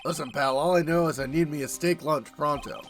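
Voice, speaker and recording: Gumshoe, a man doing a gruff detective. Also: a little high, a little fast, faint music behind, lightly acted. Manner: blunt street-talk, calls people "pal". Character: gruff, hungry middle-aged male police detective. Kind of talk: voicing a game character in a playthrough.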